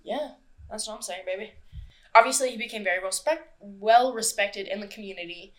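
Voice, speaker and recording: A woman hosting a casual true-crime podcast, chatty and quick to swear and laugh. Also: medium pitch. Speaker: podcast host.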